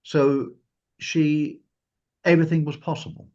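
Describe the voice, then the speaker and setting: A man telling a personal story during a talk, animated and acting out the lines of the people he quotes. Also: a little high, a little slow. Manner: animated, acts out quotes in a raised voice. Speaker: guest speaker. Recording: dull lo-fi recording.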